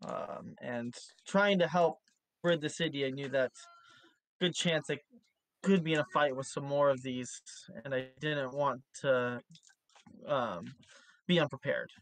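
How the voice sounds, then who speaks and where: A player speaking in character in a tabletop game, halting and full of fillers. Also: mid-range voice, no echo.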